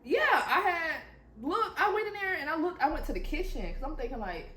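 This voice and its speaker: A woman co-hosting a vlog, telling stories in a casual, animated way, full of swearing and frequent laughter. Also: high voice, fairly quick. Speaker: vlog co-host. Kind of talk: casual storytelling. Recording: roomy sound with music behind.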